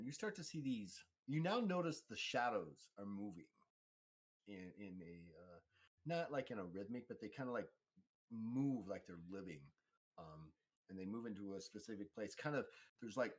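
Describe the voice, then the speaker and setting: A man's voice: on the low side, animated, moderate pace, husky. A man narrating as game master of a tabletop role-playing game, rambling with many fillers and restarts.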